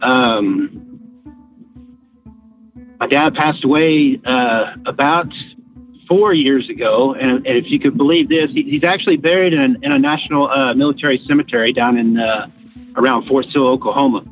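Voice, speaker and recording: A man's voice: medium pitch, normal speed, faint music behind. A middle-aged man from Texas calling in to a talk show, telling a story with many restarts and fillers. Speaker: caller. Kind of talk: call-in storytelling. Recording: tinny phone line.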